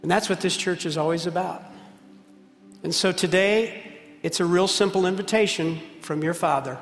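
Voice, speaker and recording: A middle-aged male pastor preaching a passionate sermon, swinging from loud appeals to hushed, intimate moments. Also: high voice, moderate pace, vocal fry, soft background music. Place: church sanctuary. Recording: roomy church hall reverb.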